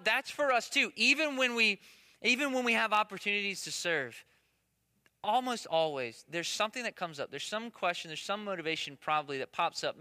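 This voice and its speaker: A man's voice: high voice, pushed and bright. A man in his thirties preaching a conversational sermon, often checking in with "right?" asides. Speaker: pastor. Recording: long echo of a large hall.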